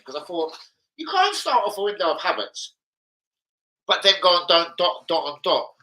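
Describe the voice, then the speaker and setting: A young man rants casually about football, heavy on swearing and slang. His voice is bright and sharp, swinging widely in pitch as he gets worked up. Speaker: football fan vlogger. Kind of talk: casual rant to camera.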